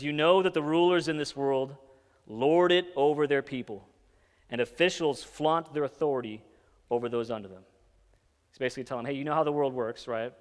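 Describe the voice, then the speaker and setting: A man's voice: mid-range voice, in a large hall. A man preaching a sermon in a casual, conversational way, often checking in with his listeners and briefly acting out the lines of the people in the story. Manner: conversational, keeps checking in with "right?" and "okay?"; acts out the disciples' lines in quick asides. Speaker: pastor. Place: church hall.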